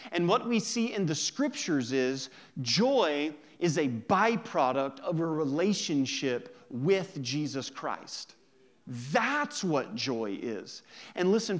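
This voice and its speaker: Brief: male pastor with a slightly high voice, chatty sermon, jokes, slow stress on key words. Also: very animated, a bit bright. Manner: conversational and joking, drawing out key words slowly.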